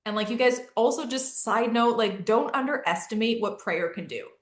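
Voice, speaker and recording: A woman's voice: on the high side, animated, moderate pace. Earnest woman talking in an echoey room. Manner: earnest, fillers, talks straight to listeners. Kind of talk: casual faith podcast chat. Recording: roomy echo.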